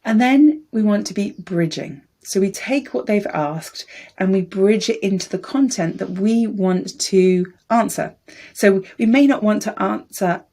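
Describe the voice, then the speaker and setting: A woman coaching public speaking, explaining calmly and steadily and demonstrating voice techniques. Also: medium pitch. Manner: calm, measured coaching with demonstrations. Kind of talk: speaking tips lesson to camera.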